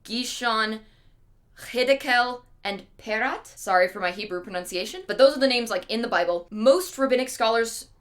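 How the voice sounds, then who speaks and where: A woman's voice: a little high, lively intonation, moderate pace, a bit bright. Chatty, sarcastic young woman storyteller. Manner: chatty and sarcastic, with asides and slang. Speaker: streamer and storyteller. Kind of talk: comedic retelling of a legend.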